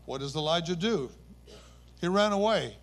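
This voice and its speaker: Earnest preaching man, slightly high voice. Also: lively intonation, moderate pace. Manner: earnest storytelling, rising emphasis, occasional self-corrections. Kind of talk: sermon.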